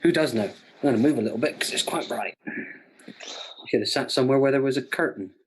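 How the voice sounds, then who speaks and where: A man co-hosting a casual online quiz from home, chatty and jokey, reading each question slowly and repeating it. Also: mid-range voice, a little hiss or hum. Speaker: quiz co-host. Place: home room by a window.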